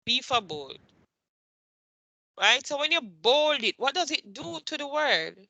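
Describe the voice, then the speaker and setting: A woman's voice: high voice, very animated, measured pace, bright, forceful tone, dry recording. A woman instructor teaching a computer class, asking questions and repeating her points patiently.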